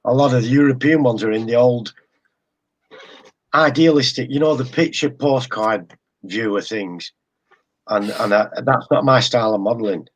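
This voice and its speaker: A man's voice: medium pitch, moderate pace. An English man chatting as a guest about his hobby, hesitant and often repeating words. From England. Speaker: guest model railroader. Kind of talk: casual live-stream chat.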